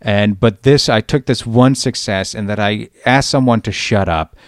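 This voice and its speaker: A middle-aged man hosts a podcast in casual chat. His voice sits a little low and he recounts annoyances in a wry, exasperated way. The sound is dry and close, with no room around it. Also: moderate pace, no echo. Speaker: podcast host.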